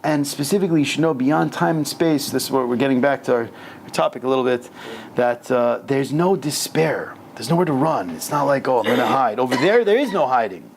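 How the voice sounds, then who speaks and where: Gravelly rabbi guy, chatty and animated, slangy class talk, slight hiss behind. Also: mid-range voice, fairly quick. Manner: casual, animated, peppered with slang and Hebrew terms. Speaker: rabbi teaching a weekly class. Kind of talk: informal Torah class. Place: synagogue lower-level room.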